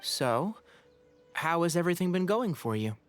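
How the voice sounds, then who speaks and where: A calm, practical young forest ranger in a game speaks in a slightly high voice with lively inflection. He sounds composed and friendly throughout. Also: normal speed, faint music behind. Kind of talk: game voice acting.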